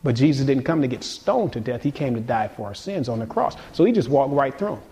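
A man preaching a sermon in a casual, conversational way, swinging between quiet passages and sudden emphatic peaks. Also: mid-range voice, lively intonation, fairly quick. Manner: casual conversational delivery with repeated words. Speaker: pastor.

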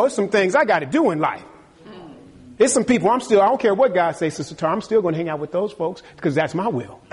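A man preaching a sermon in an animated, conversational way, acting out little asides to the congregation. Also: high voice, breathy edge.

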